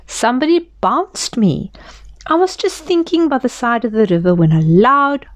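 A woman's voice: fairly high pitch, lively intonation, moderate pace, no echo, studio quality, pitched above the performer's own voice, lightly acted. A woman voicing a gloomy, complaining old male donkey in a storybook reading. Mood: glum. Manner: glum, complaining.

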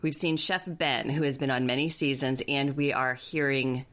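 Low-voiced chatty woman podcast host. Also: fairly even intonation, a bit bright. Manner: chatty, gossipy, fast asides. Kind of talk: casual chat.

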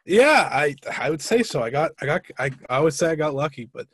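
A man's voice: a little high, very animated, fairly bright tone, breathy edge, no room sound, clean studio sound. A man in his twenties chatting casually on a podcast, often stumbling and repeating words as he tells stories. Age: 20s. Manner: halting, repeats words, laughs through stories.

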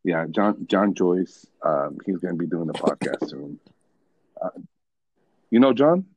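A man's voice: low-pitched, big pitch swings, unhurried, darkish tone, slightly rough, dry recording, lo-fi sound. A man hosting a podcast in casual, laid-back chat, swearing often and calling people bro and dude. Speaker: podcast host.

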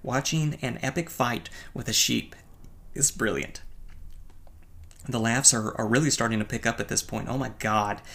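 A man gives a casual, wry movie review, playfully mocking himself, chuckling, and stumbling over words. His mid-range voice is creaky with a sharp tone, at normal speed with frequent pauses.

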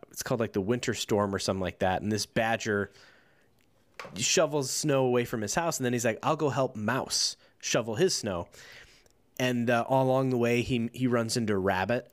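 A man's voice: mid-range voice, dry recording. A man co-hosting a comedy podcast, telling rambling, easygoing stories between jokes. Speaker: podcast co-host.

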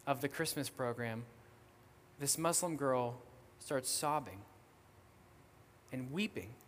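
A young man speaks as a missionary guest preacher, telling a story in a casual, lively way full of little fillers. His voice sits a bit high for a man. It rings out with the long reverb of a church hall. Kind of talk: storytelling sermon. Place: church sanctuary.

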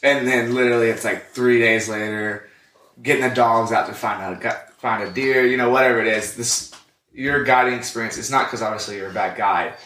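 A man's voice: medium pitch, steady tone, fairly quick, pushed and bright. A man co-hosting a podcast, chiming in and prompting his friend's story in casual chat. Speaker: podcast co-host. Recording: roomy, distant mic.

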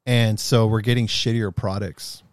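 A man in casual chat, telling stories with lots of swearing, animated and often laughing. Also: lowish voice, moderate pace, no echo. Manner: animated, profane storyteller who gets loud and laughs.

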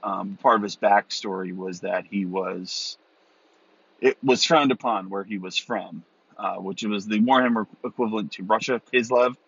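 A man's voice: on the low side, normal speed, creaky, a bit bright, breathy edge. Man rambling on a solo podcast. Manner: rambling, with many ums and restarts. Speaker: podcast host. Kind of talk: casual solo podcast talk. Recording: dull, dry recording.

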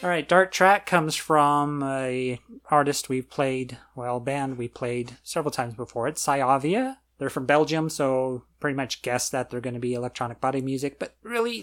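A podcast co-host chatting casually at a medium pitch. The delivery is relaxed and agreeable, with frequent murmured affirmations. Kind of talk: casual chat.

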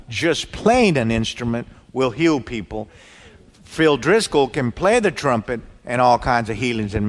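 A man preaching a sermon, telling stories with lively quoted dialogue. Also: medium pitch. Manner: animated storytelling, quoting people in dialogue. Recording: reverberant hall.

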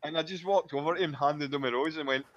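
A man's voice: fairly high pitch, quick pace, dull audio, heavy background noise. Rambling man telling stories. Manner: rambling storyteller, chuckles often. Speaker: podcast co-host. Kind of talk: casual chat.

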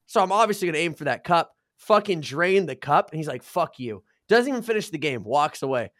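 Young man, casual podcast storytelling, swears a lot, slightly high voice, dry close sound. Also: fast, no echo. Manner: animated, profane, gets loud at punchlines.

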